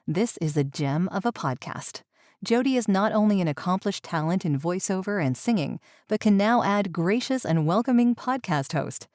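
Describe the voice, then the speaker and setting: Female host, fairly low voice, dry close mic, reading a listener review segment. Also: a little mellow, no echo. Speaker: podcast host.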